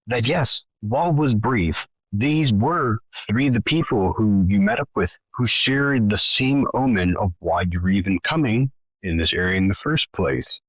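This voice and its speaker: A man's voice: medium pitch, no echo, muffled recording. A man narrating a tabletop game as game master, in a dramatic, rambling way.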